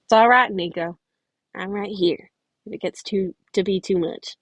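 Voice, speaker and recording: A woman's voice: mid-range voice, normal speed, no echo, natural voice. A cheerful young male camp healer, voiced by a woman reading a fan story aloud. He sounds upbeat and reassuring. The sound is dry and close, with no room around it.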